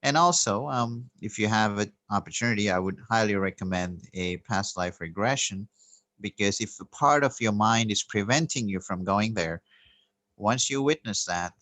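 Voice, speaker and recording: Low-voiced man telling a spiritual story. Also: normal speed, no room sound. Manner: gentle, reflective, with soft laughs and hesitant restarts. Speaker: spiritual teacher.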